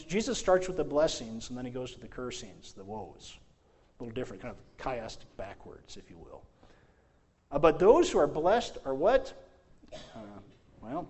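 A man preaching a sermon as pastor, asking rhetorical questions and reading scripture slowly, with emphatic swings in loudness. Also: fairly high pitch.

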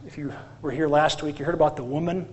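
A man preaching a sermon as pastor, animated and asking the congregation questions. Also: on the high side, fast, lo-fi sound.

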